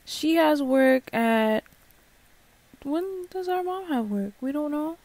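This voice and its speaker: Young woman let's-play host, chatty and slow, a bit high, dry close mic. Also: expressive, darkish tone, dry recording. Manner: chatty, reacts aloud, swears casually. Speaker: gaming channel host. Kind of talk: casual let's play commentary.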